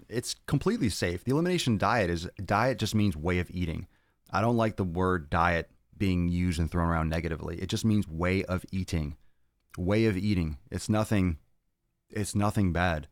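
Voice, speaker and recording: Deep-voiced blunt fitness host, dry sound. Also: male voice, no room sound. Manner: blunt, profane and ranting. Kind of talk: casual Q&A answering viewer questions.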